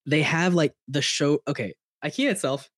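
A man chatting casually on a podcast, animated and stammering with many restarts, swearing and laughing often. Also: a little high, moderate pace, no echo, studio quality. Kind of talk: casual chat.

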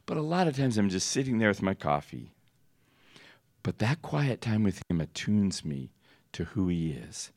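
Lively storytelling male preacher. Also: normal speed, dry recording, studio quality. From United States. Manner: storytelling, laughs often, acts out dialogue with big jumps in pitch. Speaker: ministry school teacher. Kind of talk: teaching with told stories. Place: church teaching hall.

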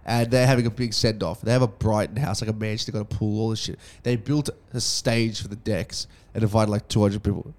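A young man hosting a casual podcast, telling a story fast, swearing freely, and acting out each person's lines. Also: lowish voice, steady tone. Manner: fast, swearing, acts out dialogue.

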